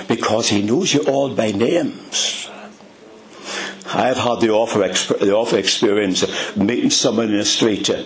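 A man with an Ulster accent preaching a sermon, addressing his listeners as dear friends and dropping into whispers for emphasis. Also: deep voice. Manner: dramatic, drops to whispers for emphasis.

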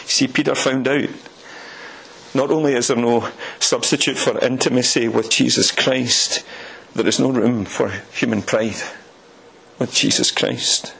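A man's voice: medium pitch, steady tone, measured pace, creaky, fairly bright tone, breathy edge, rough recording. A man from Scotland with a Scottish accent, preaching a sermon with rhetorical questions and folksy asides.

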